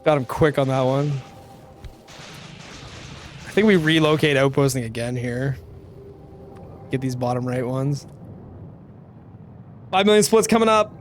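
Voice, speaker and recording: A man's voice: mid-range voice, unhurried, long pauses, slight background noise. A man streaming, chatting casually as he reacts to his own run, laid-back, swearing and laughing often. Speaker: game streamer.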